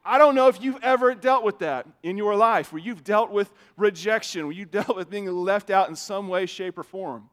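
A man, a pastor, preaching a sermon in a conversational way, often repeating words as he starts a phrase and swinging from soft asides to loud emphatic lines. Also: high voice, moderate pace, few pauses.

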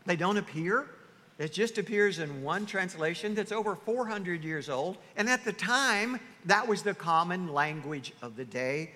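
A pastor preaches in a lively, animated way, acting out the voices of churchgoers. His voice is high and bright, and it rings with a long hall reverb. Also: unhurried. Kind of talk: sermon.

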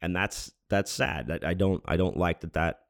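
Deep-voiced man telling a rambling story. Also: animated, moderate pace, gravelly, no room sound, clean studio sound. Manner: rambling, frequent restarts and fillers, swears freely. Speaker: podcast host. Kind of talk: casual storytelling monologue.

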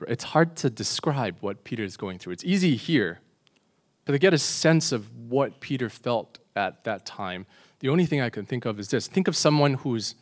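Speaking in a mid-range voice, a man preaches confessionally, putting rhetorical questions to the congregation. At solemn moments he slows down and drops his voice.

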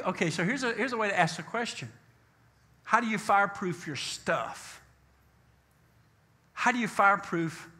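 Emphatic man preacher with a bright, forward voice, slows for scripture. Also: high voice. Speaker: pastor. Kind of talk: sermon.

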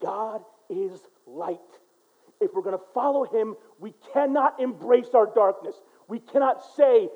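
An American man preaching a sermon as pastor, earnest, moving from loud urgent stretches to quiet low ones, mimicking people in asides. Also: unhurried. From United States. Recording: dull lo-fi recording.

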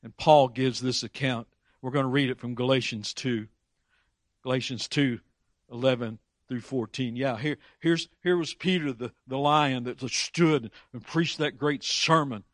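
A man preaching a sermon, animated, with frequent restarts and loud dramatic climaxes. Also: mid-range voice, measured pace, no echo, clean studio sound.

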